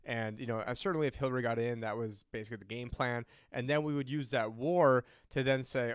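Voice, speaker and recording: A man's voice: mid-range voice, fairly even intonation, fairly quick, few pauses, clear, resonant tone, no room sound. A man co-hosting a podcast, ranting heatedly about money and politics, swearing and rambling with many fillers and restarts. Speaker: podcast co-host. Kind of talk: casual political and money talk.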